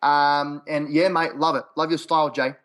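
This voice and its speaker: A man's voice: a little high, little pitch movement, normal speed, a bit bright. A man with an Australian accent, a podcast guest telling his stories in a punchy, quote-heavy way. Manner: punchy, quote-heavy, repeats himself for emphasis. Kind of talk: casual interview chat.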